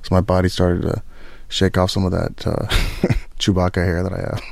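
Wry halting comedian, low voice, dry studio. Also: male voice, completely flat delivery, creaky, darkish tone, no room sound. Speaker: comedian guest. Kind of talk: radio interview.

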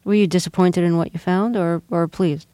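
A woman's voice: fairly low pitch, fairly even intonation, moderate pace, warm tone, no echo. A woman hosting a radio interview, asking short, probing questions and introducing her guest.

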